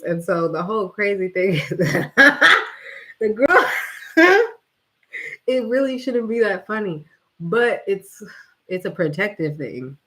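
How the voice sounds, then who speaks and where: A woman vlogger telling a story in casual, slangy talk, animated and often breaking into laughter. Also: lowish voice, rough recording.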